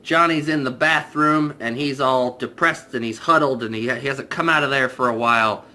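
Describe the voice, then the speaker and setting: A young man casually reviewing a movie, animated and jokey, putting on voices for the characters. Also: mid-range voice, moderate pace.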